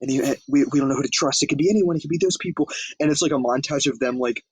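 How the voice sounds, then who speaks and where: A man's voice: on the high side, racing, breathy edge, no echo, poor audio. A man co-hosting a podcast, casually recapping a comedy film in a loose, profane way and acting out quoted lines. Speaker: podcast co-host. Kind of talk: casual movie recap chat.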